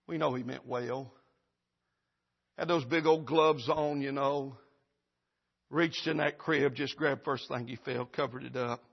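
A man preaching at a church service, telling a sermon illustration dramatically, acting out the voices and swinging from loud to hushed. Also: medium pitch, fairly even intonation, unhurried, vocal fry, pauses often, slightly rough, dull audio.

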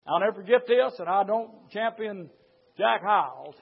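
A man preaching a sermon, his fervent delivery swinging from low murmurs to loud shouting. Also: expressive, moderate pace, gravelly, slightly rough, phone-quality sound.

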